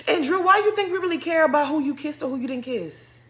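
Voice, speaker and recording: A young woman talks straight at the camera in a bright, clear voice. Her reality-show recap is sassy and blunt, and she sounds fed up with the cast. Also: high-pitched, expressive, quick pace. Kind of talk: casual commentary.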